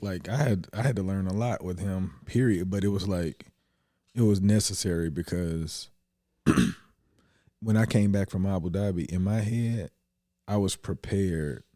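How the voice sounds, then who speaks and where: A man thinking aloud candidly in a casual conversation, with many pauses and fillers. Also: deep voice, mellow, no room sound, clean studio sound. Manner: candid, searching, with frequent fillers.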